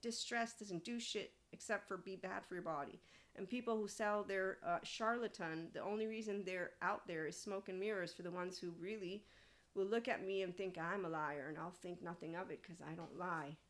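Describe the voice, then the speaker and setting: A woman with a lowish voice speaks at a moderate pace in a steady tone. As host of a spiritual self-help podcast, she reads an AI answer and responds with a blunt, opinionated, profanity-laced monologue.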